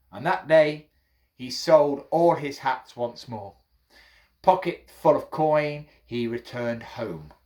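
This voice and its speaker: Playful male storyteller. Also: fairly high pitch. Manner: playful, addresses listeners as friends. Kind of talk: children's folk tale storytelling.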